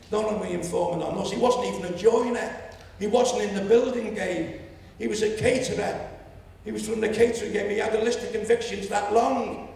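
A man in his seventies with a Liverpool accent, telling a story at a public meeting and rising to loud indignation. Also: sits high, gravelly. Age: 70s. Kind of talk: impassioned public speech. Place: lecture hall. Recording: echoey hall, distant mic.

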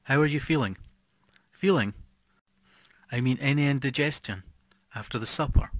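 Male reader doing a composed, icy housewife: prim and unhurried, audiobook, dry recording. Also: mid-range voice, dry recording, close to an everyday voice. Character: calm, cold middle-aged wife who poisons.

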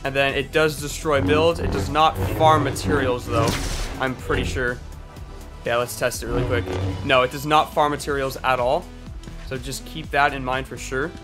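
A man's voice: medium pitch, little pitch movement, over music. A young man giving hyped, exclamatory commentary over his own gameplay as a gaming video host. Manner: hyped, exclamatory, quick asides. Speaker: gaming YouTuber.

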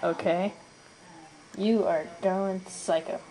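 A woman in improvised toy role-play, teasing in a rambling, halting way with many restarts. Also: mid-range voice, fairly even intonation, mellow, poor audio. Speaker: toy puppeteer and co-player.

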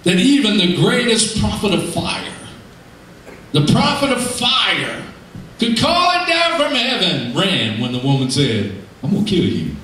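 Emphatic high-voiced preacher, recorded from a distance in a booming hall. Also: male voice, measured pace, slight background noise. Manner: animated, emphatic, shifting between shouts and low asides. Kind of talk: sermon. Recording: echoey hall, heard from far off.

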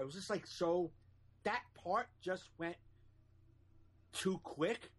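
A man co-hosting a podcast in casual chat, agreeable and quick to say "right, right". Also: high-pitched, breathy edge. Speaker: podcast co-host.

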